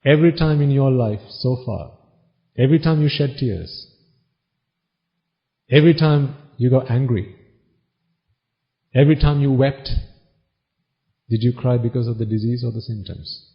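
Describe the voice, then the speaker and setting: A man giving a Buddhist sermon, asking the audience questions and answering them himself, now and then reciting Pali phrases quickly. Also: mid-range voice. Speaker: Buddhist preacher. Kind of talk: dharma talk sermon. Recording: dull lo-fi recording.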